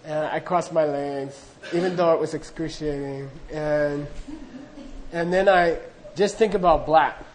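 A man's voice: fairly high pitch, fairly even intonation, a little slow, slight background noise, rough recording. A middle-aged man telling a humorous, self-deprecating story to an audience in a loose, anecdotal way, acting out the dialogue. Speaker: speaker recounting monastery training.

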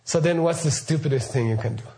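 Mellow-voiced middle-aged man teaching casually. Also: a little high, quick pace. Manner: rambling, asks listeners questions, frequent okay and right. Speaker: Buddhist teacher.

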